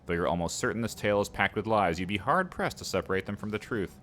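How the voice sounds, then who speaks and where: A man's voice: lowish voice, lively intonation, fast talker, fairly bright tone, slight background noise. A man hosting a let's play, reading the game's text aloud and breaking off for playful, chatty asides to his viewers.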